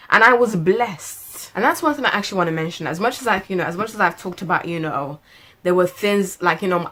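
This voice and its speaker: A woman's voice: fairly low pitch, pushed and bright. A woman in her late twenties, a lifestyle vlogger chatting to camera, who laughs often, stretches words for emphasis and drifts into preaching. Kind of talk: casual chat to camera.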